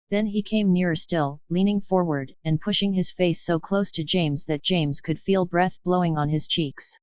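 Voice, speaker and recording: A woman reading a children's storybook aloud, measured and expressive. Her voice is lowish and smooth, recorded dry and close, with a slightly dull top end. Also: no echo. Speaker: audiobook narrator. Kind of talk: scripted storybook narration.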